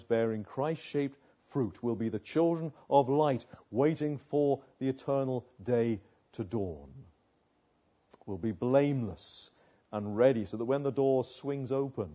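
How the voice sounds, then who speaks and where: A man's voice: medium pitch, dark tone, highs cut off. An older man preaching a sermon as pastor, earnest, often asking rhetorical tag questions.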